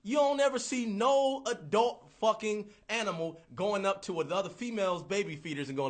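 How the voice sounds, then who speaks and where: A man in his thirties ranting casually on a livestream, profane, rambling and animated. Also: sits high, normal speed, few pauses. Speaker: livestream host.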